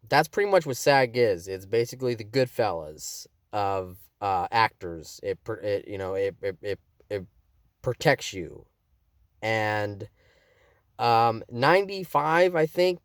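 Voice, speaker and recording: A man's voice: fairly low pitch, animated, slow pace, smooth, no echo, studio quality. A young man, an actor, casually explaining things in a vlog, rambling with many fillers and restarts. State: has the hiccups. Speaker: actor and video maker.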